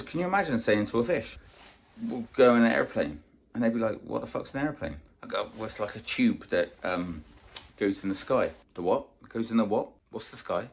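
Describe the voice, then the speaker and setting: A man in a casual motivational vlog, coaching on weight loss in a blunt, sweary, animated way. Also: fairly low pitch, a little hiss or hum.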